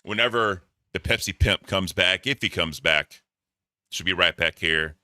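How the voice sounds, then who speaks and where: Male host, deep bright voice, loose and profane. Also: a little slow, clean tone, dry recording, studio quality. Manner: profane, joking. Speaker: podcast host. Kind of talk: casual chat.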